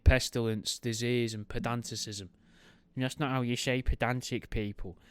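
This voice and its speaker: A man's voice: mid-range voice, clean tone, no echo, clean studio sound. A man hosting a podcast, reading a history book aloud and breaking off into wry, joking tangents. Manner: wry, goes off on tangents, makes jokey asides while reading. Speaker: podcast host.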